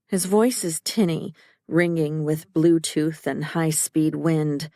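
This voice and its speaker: A woman's voice: sits low, steady tone, takes it slowly, mellow, no room sound, studio quality. A woman reading a first-person psychological thriller audiobook in a tense, urgent manner. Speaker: audiobook narrator. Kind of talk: scripted first-person narration.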